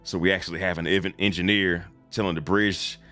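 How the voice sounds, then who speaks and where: Deep-voiced laid-back male streamer. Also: fairly even intonation, fairly quick, pushed and bright, faint music behind. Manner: laid-back and slangy, chuckles often. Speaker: streamer reacting to game videos. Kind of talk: casual live-stream chat.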